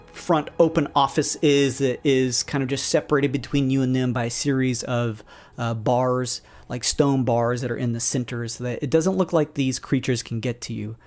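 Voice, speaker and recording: A man acting as game master, narrating a tabletop game in a relaxed, rambling way with plenty of fillers. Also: mid-range voice.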